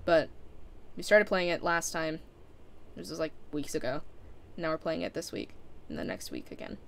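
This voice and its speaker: A woman's voice: sits low, big pitch swings, normal speed, creaky, a bit bright. A young woman chatting casually as a live streamer winding down her stream, rambling with lots of fillers and frequent laughs.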